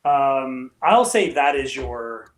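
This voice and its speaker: A man in the game master's seat, calmly explaining rules and describing the scene. He speaks at a middle pitch, with plenty of ums and restarts. His voice carries a roomy echo. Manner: relaxed, halting, many fillers and restarts. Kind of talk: narrating a tabletop game.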